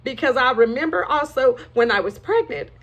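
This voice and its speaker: A woman's voice: sits high, lively intonation, moderate pace, highs cut off. A woman frankly and emotionally telling her own life story, with rueful laughs along the way. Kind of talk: candid personal testimony.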